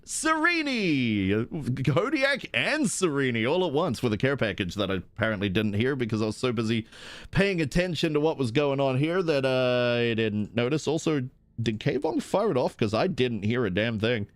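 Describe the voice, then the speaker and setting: Excitable male streamer, dry close sound. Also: brisk, no echo. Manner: excitable, jumps to high-pitched bursts; rambling with restarts. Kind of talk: live-stream chat while gaming.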